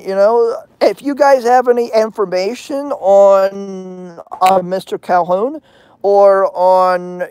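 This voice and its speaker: Woman ranting slow and crude, threatening, lots of you know and uh, dry close sound. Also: lowish voice, a little mellow, smooth, dry recording. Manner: angry, threatening, crude, meandering. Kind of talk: profane vlog rant.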